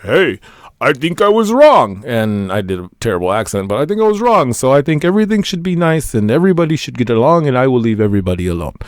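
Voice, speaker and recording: A man putting on an older Russian president, with a deliberately bad fake Russian accent, sounding mock-contrite. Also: flat delivery, clean tone, no room sound, clean studio sound, natural voice. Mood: mock-apologetic. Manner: high, hurried, mock-contrite.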